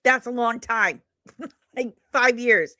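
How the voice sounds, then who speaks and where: A woman's voice: on the high side, slow pace, sharp tone, dry recording, clean studio sound. A woman hosting a livestream in a rambling, chatty way, tired after a long day of travel and laughing often. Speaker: livestream host. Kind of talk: casual chatty stream talk.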